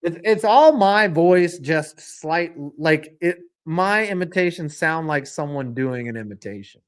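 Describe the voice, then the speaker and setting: A man's voice: a little high, expressive, a little slow. A man hosting a live football reaction stream, joking with chat and calling plays in a rambling, self-deprecating way. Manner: rambling, joking banter mixed with play-by-play. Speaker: stream host.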